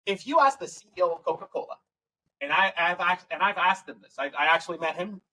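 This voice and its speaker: A man, a tech company CEO, telling stories as a guest in a casual podcast interview, acting out quoted dialogue with quick, run-on phrasing. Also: high voice, pushed and bright, a little hiss or hum, rough recording. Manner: fast, run-on phrasing with restarts.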